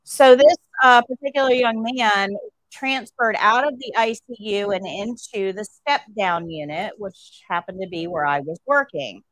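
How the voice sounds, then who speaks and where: A woman's voice: medium pitch, a little slow, a bit bright, poor audio. A woman nursing instructor telling a story to her class during a livestream, asking rhetorical questions as she goes.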